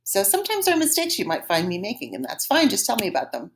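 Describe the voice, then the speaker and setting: A woman teaching a French lesson, modeling phrases slowly and clearly for students to repeat, patient and encouraging. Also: on the high side, very animated. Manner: slow, exaggerated modeling of phrases for repetition. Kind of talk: recorded language lesson.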